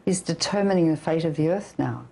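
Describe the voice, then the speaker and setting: A woman's voice: sits low, fairly quick, gravelly, dark tone, low-quality recording. An older woman physician giving an interview, talking emphatically and issuing blunt warnings. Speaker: physician and anti-nuclear campaigner. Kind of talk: interview guest.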